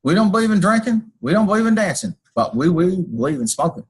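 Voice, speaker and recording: High-pitched and sing-song, this man talks fast in a husky voice while teaching a class by screencast. The college instructor goes through code and slips into folksy personal tales, all on low-quality audio.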